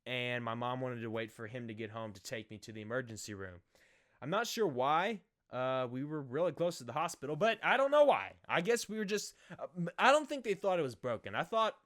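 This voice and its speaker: A young man telling a childhood story in a casual, animated, self-mocking way, acting out the other people's voices. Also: mid-range voice. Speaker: vlogger.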